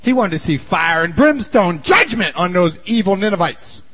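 A fairly high-voiced man preaches a sermon, telling the story in a folksy way. He dips into quiet asides and then climbs to shouted emphasis. The recording sounds dull and lo-fi. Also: very animated, normal speed, breathy edge.

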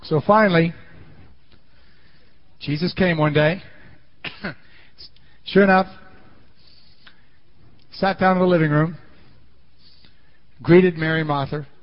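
A man's voice: a little high, steady tone, slow pace, pauses often, highs cut off. A man preaching a sermon in a dramatic storytelling style, often asking the audience questions.

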